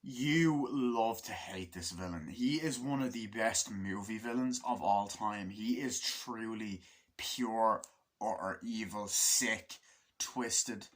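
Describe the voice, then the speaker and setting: A man giving a casual movie review, excitable and swearing constantly, acting out scenes in raised voices. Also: fairly low pitch, takes it slowly.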